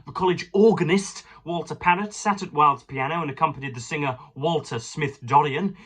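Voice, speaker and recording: A man's voice: mid-range voice, fairly bright tone. A man reviewing a book, mixing casual, hesitant chat full of fillers with passages read aloud. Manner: hesitant, many fillers and restarts.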